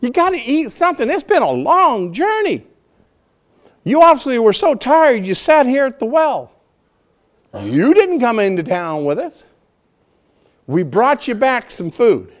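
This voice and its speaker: Eager, fussing followers coaxing their master with urgent warmth, as a preacher acts them out. The voice rides high and bounces around in pitch. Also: male voice, very animated, a little slow, long pauses, full character voice.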